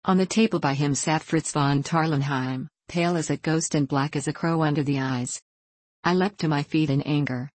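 Low-voiced woman reading an audiobook. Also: darkish tone, no room sound. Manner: measured, storytelling delivery. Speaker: audiobook narrator. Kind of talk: audiobook reading of a classic novel.

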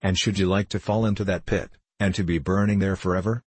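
A man's voice: deep voice, steady tone, quick pace, husky, no room sound. A man voicing a stern, severe clergyman who questions a child solemnly in a storybook reading. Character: stern severe male clergyman, tall and grim.

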